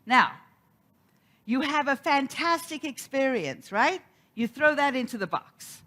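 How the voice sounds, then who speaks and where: Woman minister, sermon, lively sing-song pitch, fairly high voice, storytelling. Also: a little slow. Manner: storytelling, animated, acts out quoted voices.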